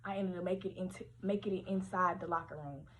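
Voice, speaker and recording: A young woman telling a story from her teens on a casual livestream, animated, slangy and full of profanity. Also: fairly low pitch, fast, a little hiss or hum.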